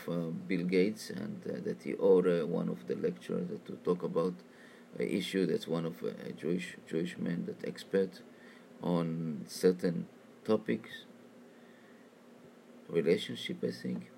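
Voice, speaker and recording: A man telling a religious story as a sermon, talking in halting, repetitive phrases. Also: low-pitched, creaky, mellow, a little hiss or hum.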